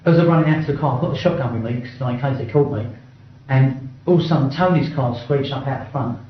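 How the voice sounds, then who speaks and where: A man's voice: mid-range voice, fast, a little hiss or hum. A middle-aged man giving a blunt first-person account in an interview, swearing often and stumbling over restarts. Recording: very echoey, dull-sounding room recording.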